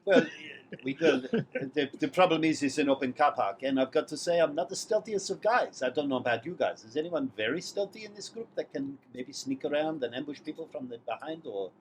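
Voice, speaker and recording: A man's voice: a little high, lively intonation, fairly quick, hardly any pauses, slight background noise. A man playing a tabletop game, theatrical and blunt by turns. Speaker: player. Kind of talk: casual tabletop play.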